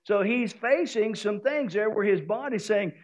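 A man's voice: high-pitched, normal speed. A male pastor with a Southern US accent, preaching a sermon and acting out the voices in his story.

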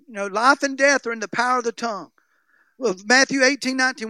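A man preaching a sermon, reading scripture slowly and emphatically between animated asides. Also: very high voice, clean tone, no echo.

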